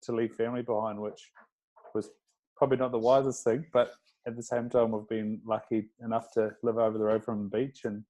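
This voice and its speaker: Male podcast host, monotone voice, warm and hesitant, stumbles over repeated words. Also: on the low side, a little fast, low-quality recording. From outside Australia. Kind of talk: casual chat.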